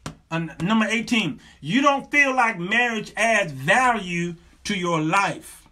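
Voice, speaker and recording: A middle-aged man hosting a talk show, giving sermon-like advice in an animated, joking, preacherly manner with lots of repetition. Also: high voice, measured pace.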